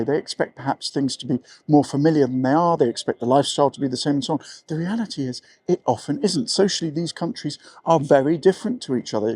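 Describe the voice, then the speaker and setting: A middle-aged man with an English accent talks straight to the camera in a frank, easy way, poking fun at himself now and then. His voice sits a touch higher than most men's. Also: a little mellow, husky, no room sound. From England. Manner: frank, conversational, self-deprecating. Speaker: vlogger living abroad. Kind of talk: advice talk to camera.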